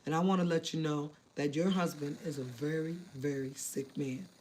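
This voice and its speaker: Lady doing a serious surgeon guy, quiet and grave. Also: low-pitched, fairly even intonation, moderate pace. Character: grave male surgeon breaking bad news.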